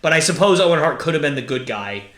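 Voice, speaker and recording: A man's voice: on the high side, lively intonation, fast talker, a bit bright, roomy sound. A man co-hosting a podcast, chatting casually about wrestling in a rambling way, often hedging and correcting himself. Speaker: podcast co-host.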